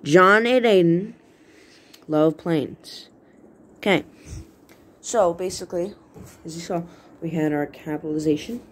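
A woman's voice: sits low, a little slow, pauses often, a little mellow, breathy edge. A woman hosting a casual writing tutorial video, talking in a rambling, playful way and often correcting herself mid-word.

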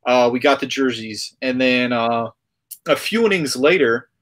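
A man's voice: mid-range voice, unhurried. A man hosting a hobby podcast, casually retelling a trip story with lots of fillers. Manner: rambling, animated retelling with filler words. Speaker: podcast host.

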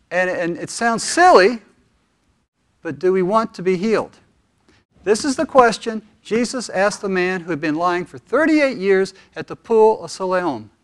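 A male pastor preaching a sermon in an animated, conversational storytelling manner. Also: sits high.

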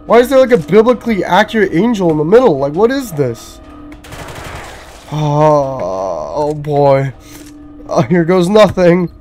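A man giving casual, excitable gaming commentary, swearing and frantically repeating himself as the action heats up. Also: a little high, unhurried, faint music behind. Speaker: gameplay commentator.

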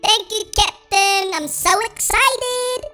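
A gaming channel host giving bubbly, giggly, excited commentary in a high, pitch-shifted chipmunk-style voice. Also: slow pace.

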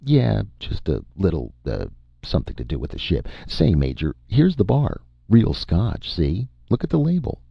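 A man voicing a nervous, eager male schemer, his gravelly voice raised, jumpy and pleading. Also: medium pitch, huge pitch swings, a little slow, hardly any pauses, no room sound, dull audio, voice pushed up, exaggerated voice.

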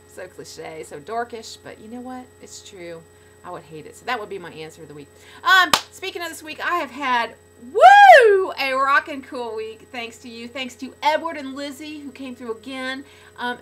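A middle-aged woman talking casually to fans in a video blog, bubbly and gushing, swinging between loud excitement and soft sincerity. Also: fairly high pitch, moderate pace. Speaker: podcast regular speaking to fans.

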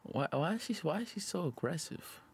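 Husky young man yelling his reactions. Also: a little high, big pitch swings, brisk, soft background music. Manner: loud, yelling, often laughing. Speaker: video reactor. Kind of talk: casual reaction commentary.

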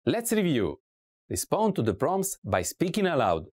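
A woman giving a scripted language lesson, asking slow drill prompts and repeating each word clearly. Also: low-pitched, wildly swooping pitch, a little mellow. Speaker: language teacher.

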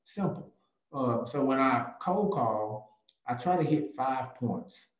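A man, a real estate agent speaking as a guest on a video call, who tells stories lively and acts out little conversations. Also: slow pace, echoey room, poor audio. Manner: animated, jumps into a higher voice to act out chats. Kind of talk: lively talk with acted-out dialogues.

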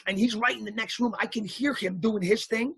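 Male interview guest, husky and lively, telling anecdotes in a dry, close recording. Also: sits high, fairly quick, dry recording. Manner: animated anecdotal storyteller, acts out quotes. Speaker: actor guest. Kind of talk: casual storytelling interview.

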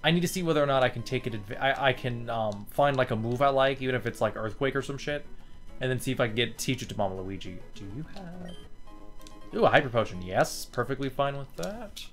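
A let's play host with a medium-pitched, lively voice talks a little fast over soft background music. He chats casually with his viewers as he plays, swearing freely and laughing easily.

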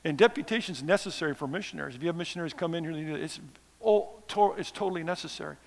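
Self-mocking preacher in a reverberant hall. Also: male voice, on the high side, quick pace, gravelly. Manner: conversational, self-deprecating, sarcastic asides. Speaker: missionary preacher. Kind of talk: sermon. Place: church sanctuary.

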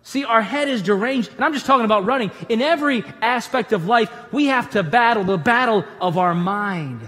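A man, a pastor, giving a conversational sermon in a church auditorium with animated storytelling and humorous asides. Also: very high-pitched, fairly quick, in a large hall.

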